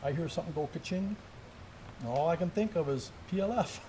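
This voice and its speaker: Laughing, animated man telling a war story. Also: on the high side, brisk, a little hiss or hum. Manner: animated storyteller, laughs through his words. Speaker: former Special Forces soldier. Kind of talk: casual chat, war story. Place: gun shop.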